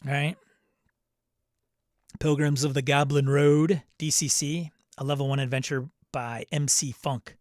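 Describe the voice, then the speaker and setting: A man's voice: mid-range voice, level tone, measured pace, no echo, clean studio sound. A man hosting a casual show, reading out product listings and riffing on them with asides and laughs. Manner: chatty, reads listings then riffs with laughs and asides. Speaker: podcast host. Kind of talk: casual solo news rundown.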